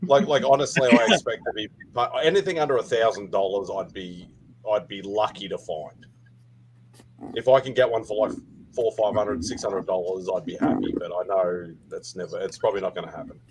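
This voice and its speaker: A laid-back Australian man speaks in a lowish voice, casual and quick to make fun of himself. He is a guest on an online panel. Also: low-quality recording.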